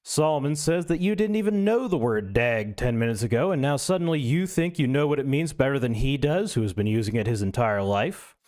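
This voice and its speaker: A man's voice: mid-range voice, lively intonation, fairly quick, few pauses, darkish tone. A male streamer reading an essay aloud, breaking in with wry, self-mocking asides.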